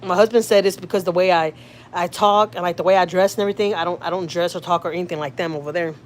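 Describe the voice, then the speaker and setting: A woman's voice: fairly low pitch, fairly even intonation, quick pace, a little hiss or hum. A woman from Houston, Texas with a Houston accent, chatting casually with viewers on a livestream from a car, reading comments and swearing freely. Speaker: vlogger, channel host. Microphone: phone.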